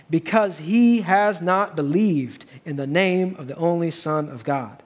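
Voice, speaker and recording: Guy pastor giving a sermon, higher voice, earnest and building up. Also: a little slow, few pauses. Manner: earnest preaching, builds to raised emphatic passages.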